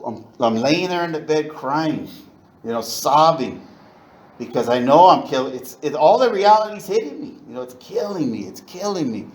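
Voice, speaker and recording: A man's voice: a little high, lively intonation, moderate pace, darkish tone, rough recording. A middle-aged man from East Los Angeles, sharing his story candidly at a recovery meeting. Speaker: AA meeting speaker.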